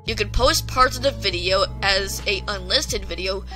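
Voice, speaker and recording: A woman's voice: medium pitch, normal speed, bright, forceful tone, faint music behind. A woman in a commentary clip, explaining in a matter-of-fact way. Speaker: video commentator.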